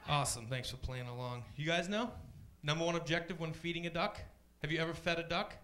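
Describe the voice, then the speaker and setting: On a club stage, a man delivers a chatty, deadpan stand-up set at a quick pace, often jumping into high voices to play other people.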